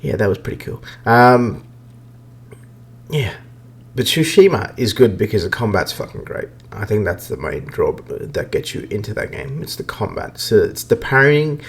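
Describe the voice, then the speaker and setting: A man's voice: lowish voice, slightly rough. Profane ranting man talking games. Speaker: podcast host. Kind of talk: casual gaming rant.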